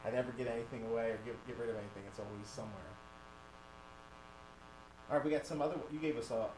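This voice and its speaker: A man's voice: mid-range voice, steady tone, quick pace. A man hosting a casual chat, easygoing and chatty, who asks questions and plays clips for his guest. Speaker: host. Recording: roomy with faint background noise.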